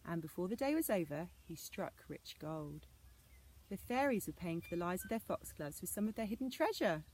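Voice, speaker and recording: A woman reading an old fairy tale aloud as a storyteller, in a measured storybook manner. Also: fairly low pitch, expressive, darkish tone, a little hiss or hum.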